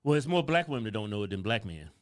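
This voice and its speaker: A middle-aged man bantering with a co-host, pressing his point insistently with halting fillers. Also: lowish voice, very animated. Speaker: political commentator.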